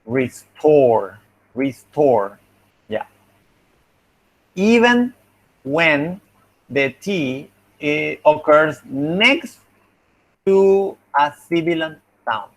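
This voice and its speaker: Slow, patient teacher with a Spanish accent. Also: male voice, a little high, expressive, a bit bright, poor audio. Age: young adult. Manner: slow, patient explaining with repeated examples. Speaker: phonetics teacher. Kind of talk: online class feedback.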